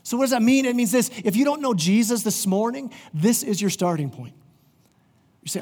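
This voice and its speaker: High-voiced pastor preaching in a reverberant hall. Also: male voice, animated, darkish tone. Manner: earnest preaching with many quick restarts. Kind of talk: sermon. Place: church sanctuary.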